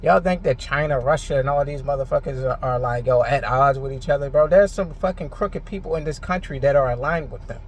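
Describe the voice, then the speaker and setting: A man's voice: mid-range voice, brisk, few pauses, a little hiss or hum. A frustrated man ranting in a rambling, heated monologue, full of filler words and swearing. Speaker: vlogger. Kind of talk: unscripted monologue to camera.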